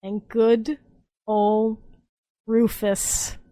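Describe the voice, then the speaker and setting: A young woman podcast host, drunk, rambling excitably and swearing as she recaps a story in casual chat. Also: fairly high pitch, extremely slow.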